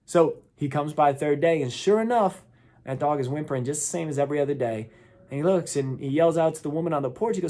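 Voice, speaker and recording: A man's voice: on the high side, fast talker, warm tone. A man in his thirties, hosting a motivational talk and telling a story, earnest, with small voice shifts when he quotes people. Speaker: motivational speaker.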